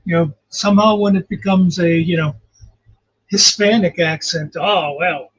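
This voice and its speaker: On a livestream heard through muffled lo-fi call audio, a guest commentator talks casually in a high-pitched voice at normal speed with fairly even intonation. He's rambling and reflective, filling gaps with "you know."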